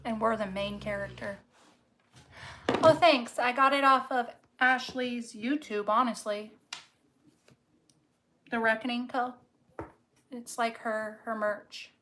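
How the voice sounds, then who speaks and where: A woman's voice: on the high side, fairly even intonation, takes it slowly, long pauses, fairly bright tone, a little hiss or hum. A woman giving a casual tarot reading, blunt and emphatic, swearing freely and stretching out words for stress. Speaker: tarot reader.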